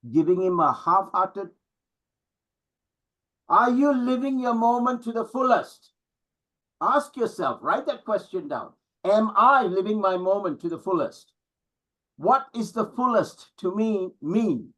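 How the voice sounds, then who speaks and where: Husky-voiced middle-aged male motivational coach. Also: high voice, fairly bright tone, low-quality recording. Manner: emphatic, preacher-like, with rhetorical questions. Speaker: business coach and speaker. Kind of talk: motivational talk to an audience.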